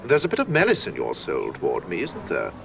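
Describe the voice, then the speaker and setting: A suave, teasing posh gentleman. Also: low voice, wildly swooping pitch, brisk, creaky, highs cut off, crowd noise, full character voice. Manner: drawling, archly polite. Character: suave posh man teasing with mock charm. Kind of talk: old film dialogue.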